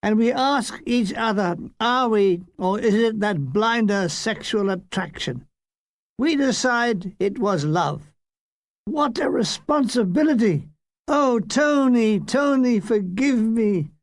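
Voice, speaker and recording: A man's voice: high voice, lively intonation, slow pace, dry recording. An older man narrating his own war memoir as an audiobook, with dry, wry comic timing. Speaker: author reading his memoir.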